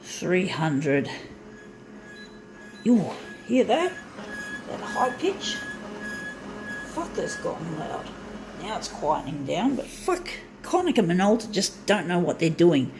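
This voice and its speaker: A woman's voice: mid-range voice, darkish tone, slight background noise. A woman vlogging from her small home unit, ranting angrily with lots of swearing and stop-start restarts. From southern hemisphere. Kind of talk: casual ranting monologue.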